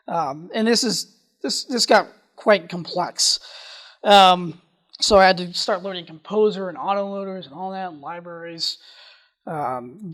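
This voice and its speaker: A conference speaker giving a technical presentation, talking quickly and often restarting sentences. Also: medium pitch, fairly bright tone.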